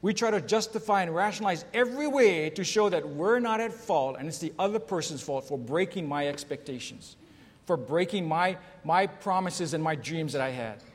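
A male pastor delivers a sermon in a somewhat high voice, speaking to his congregation and pausing to ask them questions. His words ring out with a long reverb, as if he were in a large church sanctuary. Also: lively intonation. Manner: preachy, asks the congregation questions, reads scripture aloud; tells jokes in raised voices for the characters.

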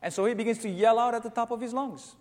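Earnest preacher in a reverberant hall. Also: male voice, extremely high pitch, steady tone, quick pace, a little mellow. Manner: earnest, storytelling preacher, rising to emphatic peaks. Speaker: pastor. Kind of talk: sermon.

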